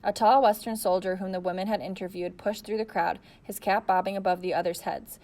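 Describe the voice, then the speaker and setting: A woman narrating a novel with steady storytelling. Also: medium pitch, brisk. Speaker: audiobook narrator. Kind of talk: audiobook narration.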